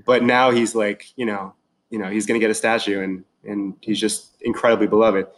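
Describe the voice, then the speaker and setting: A man chatting casually as a guest, excited and rambling, full of fillers and restarts. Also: on the low side, fairly quick. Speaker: podcast guest. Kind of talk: casual chat.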